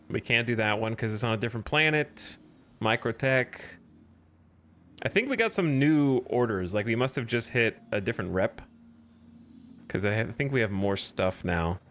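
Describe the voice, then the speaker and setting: A man's voice: lowish voice, a bit bright, a little hiss or hum. A man streaming a video game, chatting casually with sarcastic, exasperated self-talk. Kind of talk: casual gameplay commentary.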